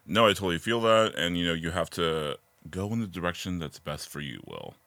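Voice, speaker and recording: A male podcast host with a low but bright, forceful voice, cheering his guest on in easy chat. His sound is dry and close. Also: sing-song, brisk, creaky, dry recording. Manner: enthusiastic, encouraging, laughs along. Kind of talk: casual interview chat.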